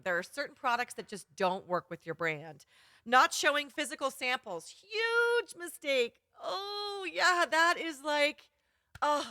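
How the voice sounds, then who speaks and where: Bubbly woman coaching live, bright voice. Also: medium pitch, no echo, studio quality. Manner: upbeat and chatty, excited. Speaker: photography business coach. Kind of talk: live-streamed workshop.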